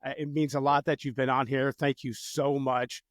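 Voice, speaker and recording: A man hosting a podcast, warm and effusive, who calls his guest brother. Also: medium pitch, little pitch movement, normal speed, no room sound, clean studio sound. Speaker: podcast host. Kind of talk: casual interview chat.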